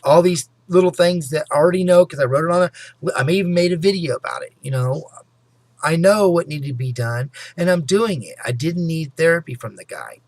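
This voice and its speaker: A man with a gravelly, creaky, rather high voice rambles through a personal story for his vlog viewers, expressive and casual. He keeps circling back with "anyway" and "you know," at times speeding up and getting loud, recorded close and dry with no echo.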